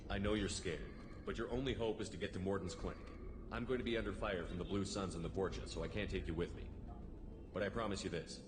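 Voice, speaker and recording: An actor voicing a male commander in a sci-fi video game, calmly urging civilians to flee. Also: deep voice, quick pace, close to an everyday voice. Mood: earnest. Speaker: game character. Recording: echoey game audio with ambient noise.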